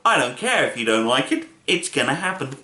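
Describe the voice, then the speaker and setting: Male storybook reader, playful and expressive, bright animated voice; echoey room. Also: mid-range voice, a little fast. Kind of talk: reading a children's book aloud.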